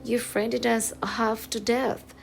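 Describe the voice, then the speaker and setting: A man's voice: extremely high pitch, little pitch movement, slow, creaky, pitched above the performer's own voice, heavily acted. A woman voicing a brash, blunt teenage boy who teases and scolds. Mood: exasperated. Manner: blunt and teasing.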